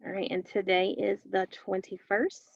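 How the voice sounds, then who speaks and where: A woman's voice: medium pitch, little pitch movement, normal speed, vocal fry, muffled recording. A woman teacher leading a recorded phonics lesson for children, patiently repeating each word for them to echo.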